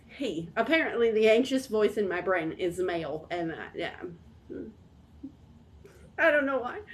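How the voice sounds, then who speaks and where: A woman's voice: mid-range voice, animated, normal speed. A woman in her thirties talking casually to camera as a vlog host, candid and rambling. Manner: rambling, candid and self-deprecating. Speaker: channel host.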